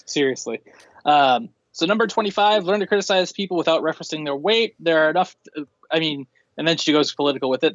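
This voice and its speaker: A man's voice: fairly high pitch, quick pace, dry recording. A man co-hosting a podcast, making dry, sarcastic remarks. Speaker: podcast co-host. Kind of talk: casual podcast chat. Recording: dry, dull lo-fi mic.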